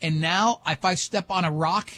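A man hosts a radio talk show in a high, light voice, joking and laughing along with his co-hosts. He is recorded close on a studio microphone with no room sound at all. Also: bright, forceful tone, dry recording. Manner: joking, quick asides, laughing often. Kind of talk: casual radio banter.

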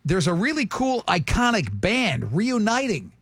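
A man's voice: high voice, sing-song, a little slow, a bit bright, husky, no echo. A man hosting a morning radio show, joking and teasing a caller through a quiz.

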